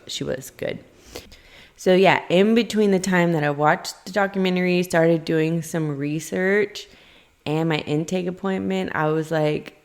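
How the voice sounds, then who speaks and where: Chatty woman telling a personal story. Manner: chatty, animated, acts out quotes in a high voice. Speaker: vlogger. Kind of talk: casual storytelling.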